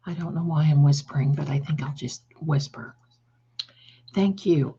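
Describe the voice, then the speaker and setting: A woman's voice: sits low, moderate pace, dark tone, highs cut off, slight background noise. A woman hosting a tarot livestream in casual chat, affectionately calling her viewers "my darlings" while fiddling with her setup.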